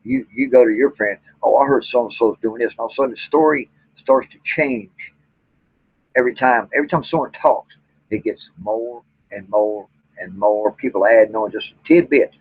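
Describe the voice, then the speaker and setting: Husky man ranting angrily. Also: medium pitch, moderate pace, no room sound. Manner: blunt, profane, indignant. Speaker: vlogger and Bigfoot researcher. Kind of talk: angry rant to camera. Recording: tinny phone-like audio.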